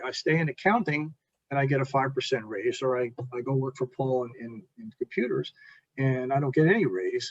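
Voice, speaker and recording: A man's voice: a little high, slightly rough, dry recording. A middle-aged man, a guest on a talk show, casually telling a long personal story, acting out the people in it and often restarting sentences. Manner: animated storyteller, quotes people in his story, many restarts. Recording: dull lo-fi sound.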